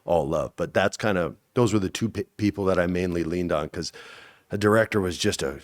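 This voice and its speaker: Brisk and casual, a forty-something actor trades stories as an interview guest, performing quoted lines in sudden high-pitched bursts.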